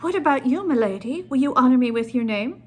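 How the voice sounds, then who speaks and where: Woman reading as a polite, teasing young gentleman. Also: sits high, expressive, fairly quick, breathy edge, voice pushed up. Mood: courteous, teasing.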